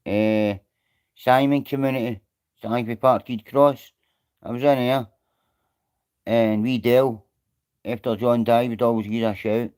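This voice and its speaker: A man's voice: medium pitch, fairly even intonation, a little slow, pauses often, a little mellow, smooth. A Scottish man on a live stream, rambling and greeting viewers by name in casual chat.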